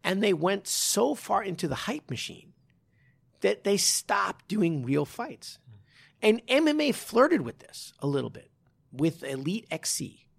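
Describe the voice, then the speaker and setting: A man's voice: high voice, sing-song, a little slow, creaky, slightly rough. A man co-hosting a casual podcast as a martial arts coach, rambling with lots of restarts and laughing easily. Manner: rambling, many restarts and fillers, laughs often.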